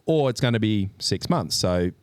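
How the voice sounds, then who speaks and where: Low-voiced man ranting in casual chat. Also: normal speed, clean tone, no room sound. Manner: animated, swearing, ranting with exasperated laughs. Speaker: podcast co-host.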